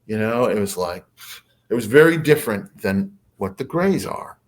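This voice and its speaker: A man's voice: on the low side, animated, normal speed. A man who is a podcast guest, telling a story casually and hesitantly, with many fillers.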